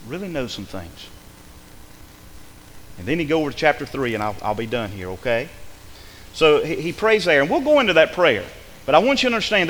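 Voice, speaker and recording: A man preaching a sermon in a church with emphatic delivery, swinging between hushed passages and loud, fervent ones. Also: mid-range voice, big-room sound, slight background noise.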